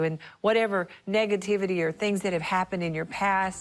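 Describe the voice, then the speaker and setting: A woman with a fairly low voice hosts a talk show and closes it with encouragement for viewers. Music plays clearly underneath her. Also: steady tone, moderate pace, hardly any pauses. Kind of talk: closing a Christian talk show.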